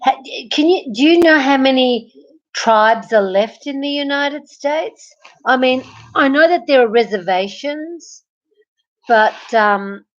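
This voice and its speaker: A woman's voice: high-pitched, expressive, slow pace, highs cut off. An Australian woman chatting on a live stream from her bed at night, greeting viewers and reading their comments aloud. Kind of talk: casual live-stream chat.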